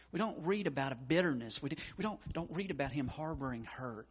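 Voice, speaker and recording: This pastor speaks at a medium pitch and moderate pace, barely pausing, his voice slightly rough. He delivers his sermon with many stammered restarts, shifting between loud urgency and hushed tenderness.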